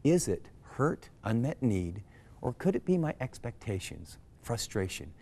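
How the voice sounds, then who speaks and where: A man's voice: medium pitch, big pitch swings, unhurried, gravelly, mellow. A middle-aged American man, a pastor, giving an earnest conversational Bible teaching that he explains through questions. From United States.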